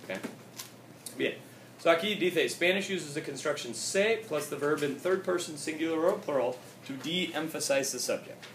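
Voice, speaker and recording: A man's voice: a little high, normal speed, fairly bright tone, recorded from a distance. A male teacher giving a casual classroom grammar lesson, mixing English and Spanish and checking in with "okay?" again and again. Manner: casual, repeats "okay?" often, switches between English and Spanish. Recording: echoey room recorded from afar, with noise.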